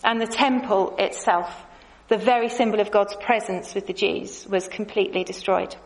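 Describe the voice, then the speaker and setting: Measured woman teaching a lesson. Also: mid-range voice, steady tone, rough recording. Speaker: Bible teacher. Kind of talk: scripted lesson with slides.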